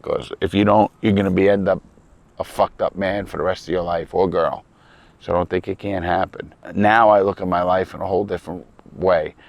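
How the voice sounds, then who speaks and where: A man's voice: low-pitched, fairly even intonation, fairly quick, gravelly, no echo. A man from New York City with a New York accent, talking bluntly and with a lot of swearing to the camera, outdoors at a lakeside campground. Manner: blunt, profane, rambling and earnest. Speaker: ex-criminal vlogger. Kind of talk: casual outdoor talk to camera.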